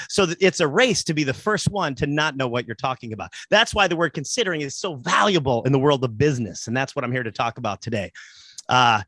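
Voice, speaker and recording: A man's voice: a little high, fairly bright tone, no room sound. A man doing a stand-up comedy set, telling rambling stories with lots of asides.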